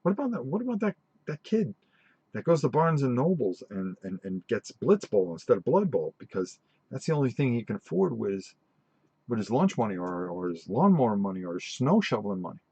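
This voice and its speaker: Rambling and animated, this middle-aged tabletop gaming host keeps restarting his stories as he chats on a live stream. He speaks at medium pitch and a fairly quick pace, slightly rough, in a dry recording that sounds dull.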